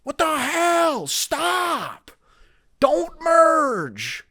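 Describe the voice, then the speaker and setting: A man doing an impression of an angry male comedian, yelling profane warnings in a shout. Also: extremely high pitch, wildly swooping pitch, very slow, heavy background noise, voice pushed up, exaggerated voice. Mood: furious yelling.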